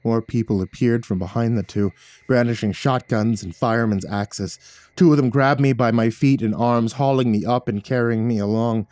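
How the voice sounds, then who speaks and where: A man narrating a horror story in a measured, somber storytelling manner. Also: mid-range voice, darkish tone, no echo.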